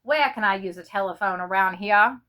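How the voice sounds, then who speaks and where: A woman's voice: mid-range voice, a little fast, bright, forceful tone, close to an everyday voice. A woman voicing a young male army lieutenant from the American South, drawling on the phone to his family. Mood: earnest.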